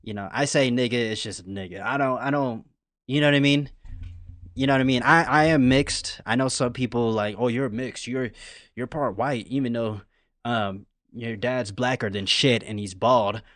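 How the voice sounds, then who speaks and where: A laid-back man from California rambles through his reaction. His voice sits at a middle pitch and comes across dry and close to the mic. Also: normal speed, a bit bright, dry recording. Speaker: reaction streamer. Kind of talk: casual reaction commentary.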